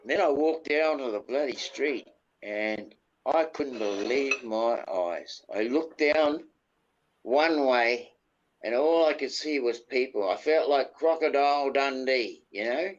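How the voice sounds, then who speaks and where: A man's voice: medium pitch, measured pace. A man with a New Zealand accent telling a rambling story in casual chat, full of mild swearing. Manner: rambling, peppers speech with "bloody". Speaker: panel guest. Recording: dull lo-fi audio.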